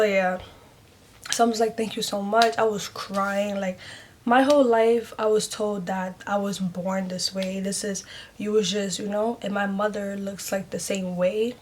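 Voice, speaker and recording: A woman in a casual vlog tells a personal story straight to her viewers, chatty and open, leaning on "like" and "y'all" in almost every breath. Her pitch sits at an ordinary middle height for a woman, with a faint hiss of background noise under the talk. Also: a little mellow. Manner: chatty, heavy use of "like", addresses viewers as "y'all"; emotional, speaks openly and earnestly. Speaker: vlogger telling her story.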